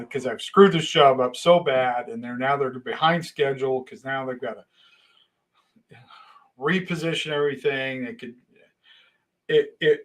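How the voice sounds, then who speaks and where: A middle-aged man telling a long casual story, animated, with sudden loud bursts and hushed asides. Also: mid-range voice.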